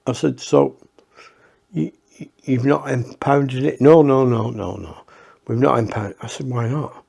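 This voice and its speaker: A man's voice: mid-range voice, a little slow, vocal fry, mellow, breathy edge. A man telling a rambling, profane anecdote in a casual way, with many restarts. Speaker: storyteller.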